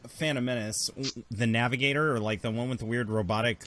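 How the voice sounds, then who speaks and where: A man's voice: mid-range voice, steady tone, fairly quick, fairly bright tone, slight background noise. Joking young man running a tabletop game. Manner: joking, self-deprecating. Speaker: game master.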